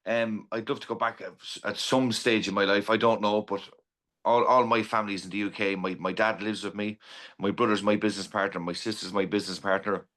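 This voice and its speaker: A man's voice: on the low side, steady tone, brisk, fairly bright tone. An Irish man in his forties, a podcast guest chatting casually and telling stories with many restarts. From Ireland. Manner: rambling storyteller with many restarts. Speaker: podcast guest, pub owner.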